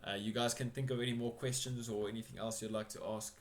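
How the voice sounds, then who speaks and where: A man acting as game master, narrating a tabletop game in a relaxed, chatty way. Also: medium pitch, fast talker, background noise.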